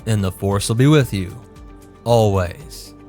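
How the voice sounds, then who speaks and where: A man hosting a lore channel, giving brisk, informative scripted narration. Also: medium pitch, animated, faint music behind.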